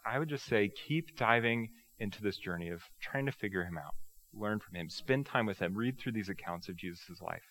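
A man preaching a sermon in a relaxed, conversational way, asking rhetorical questions and joking at his own expense. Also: lowish voice, brisk. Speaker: pastor.

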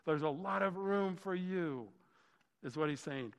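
Enthusiastic pastor preaching in a reverberant hall. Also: male voice, fairly high pitch, unhurried, clean tone. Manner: enthusiastic, exclaiming in wonder. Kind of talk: sermon. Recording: long reverb of a large hall.

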